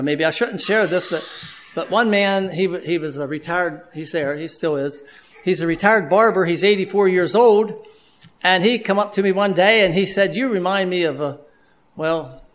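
High-voiced man preaching a homespun sermon. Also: a bit bright. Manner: earnest, conversational preaching with frequent restarts and fillers.

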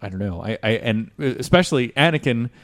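A man's voice: medium pitch, animated, brisk, dry recording. Guy hosting a podcast, lots of ums and restarts, dry studio mic. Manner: chatty, hesitant with many fillers and restarts. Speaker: podcast host. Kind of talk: casual podcast chat.

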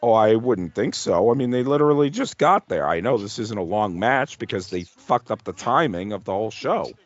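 A man with a plain, mid-pitched voice chatting casually in a wry, easygoing way and laughing easily. The recording is dry and close, with slightly muffled, lo-fi audio. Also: animated, normal speed, no echo. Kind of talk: casual chat about wrestling.

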